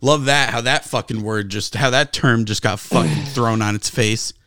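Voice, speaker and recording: A man's voice: lowish voice, normal speed, sharp tone, smooth. A man co-hosting a sports talk show, ranting with heavy swearing and sarcasm. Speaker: sports podcast co-host. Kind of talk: heated sports talk rant.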